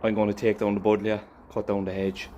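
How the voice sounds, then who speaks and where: A man's voice: on the low side, monotone, brisk, dark tone, muffled recording, slight background noise. A man, a gardener hosting his own channel, talking casually and sincerely to viewers outdoors in a garden, addressing them as guys. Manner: sincere and reflective, then upbeat. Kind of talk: casual vlog talk to viewers.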